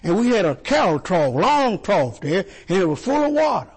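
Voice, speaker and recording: A man preaching a sermon, animated and repetitive, asking the congregation questions and stumbling over words. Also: sits high, moderate pace, slightly rough. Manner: animated call-and-response preaching, repeats and stumbles.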